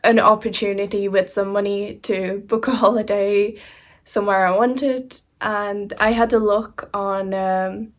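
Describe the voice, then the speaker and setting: Young woman vlogger from Hungary, casual storytime, chatty and rambling, mid-pitched. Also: steady tone, measured pace. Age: young adult. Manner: rambling, chatty, frequent fillers and soft laughs. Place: indoors at home, seated beside laptop.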